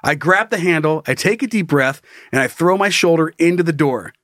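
With brisk delivery and a fairly high voice, a man hosting a podcast dramatically recounts a story, swearing and laughing at it as he goes. The casual, animated chat is captured in clean studio sound with no room noise.

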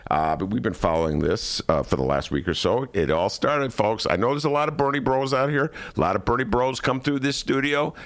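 A man hosting a casual political talk show from a studio, animated and joking, sometimes mimicking politicians. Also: medium pitch, fairly quick, few pauses. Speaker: podcast host.

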